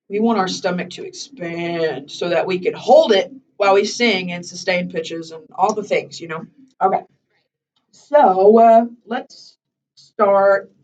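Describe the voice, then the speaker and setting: A woman's voice: mid-range voice, a little mellow, recorded from a distance, muffled recording. A woman teaching a voice lesson, chatty and encouraging, sometimes singing examples.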